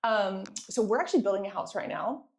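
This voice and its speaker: A pregnant woman in her thirties giving a lively sales training talk to a live audience, often asking them to answer back. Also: mid-range voice, a little fast. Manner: energetic, playful, asks audience for responses.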